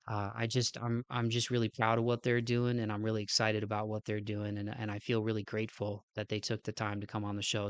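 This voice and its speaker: This man's voice sits on the low side with a fairly bright tone and no echo. He's a podcast host doing a relaxed outro, a bit winded and congested-sounding, talking in a sincere, meandering way and tacking "man" onto his lines.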